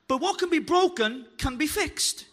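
A man preaching a sermon, fervent and joking, building to shouted declarations. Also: very high-pitched, lively intonation, moderate pace. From Wales. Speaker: pastor. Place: church hall.

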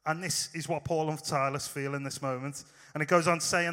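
Preacher in a reverberant hall. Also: male voice, a little high, steady tone, normal speed, sharp tone. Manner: informal, storytelling, direct address to listeners. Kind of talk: conversational sermon.

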